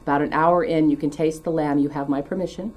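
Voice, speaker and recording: Chatty woman host with a low voice. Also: fairly even intonation, fast, darkish tone. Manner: chatty, enthusiastic, teasing. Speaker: cooking show host. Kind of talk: cooking demonstration.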